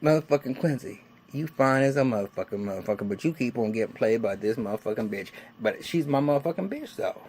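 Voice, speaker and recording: A man in his forties giving a casual, excitable, heavily cursing recap of a TV episode. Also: mid-range voice, fast, hardly any pauses, a little hiss or hum. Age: 40s. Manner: excitable, heavily cursing, acts out characters' lines. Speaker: TV episode reviewer.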